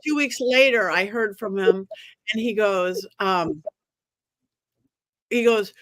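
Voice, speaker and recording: Woman medium as guest, lively storyteller who acts out the voices, dry close sound. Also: medium pitch, slow pace, no room sound. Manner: expressive, acts out quoted voices. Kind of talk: animated storytelling.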